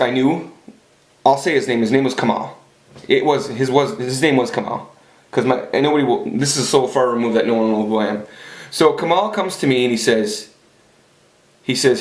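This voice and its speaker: Brief: mid-pitched man, blunt and foul-mouthed, rambling casual storytelling, roomy echo. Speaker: vlogger. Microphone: camera. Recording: echoey room.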